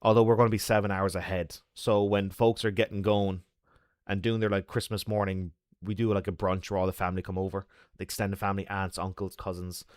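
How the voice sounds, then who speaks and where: A man's voice: low-pitched, level tone, fairly quick, dry recording. Irish man, streamer, rambling casual chat, dry close sound. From Ireland. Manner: chatty, rambling.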